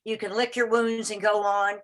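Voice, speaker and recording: Speaking flatly at a medium pitch, an older woman on a video call rambles through a personal story, halting, restarting and repeating words while voicing the characters she mentions. The call audio is poor.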